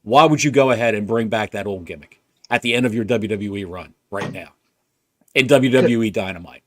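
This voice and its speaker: A man co-hosting a casual wrestling podcast, ranting with rapid rhetorical questions. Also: on the low side, a bit bright. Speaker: podcast co-host.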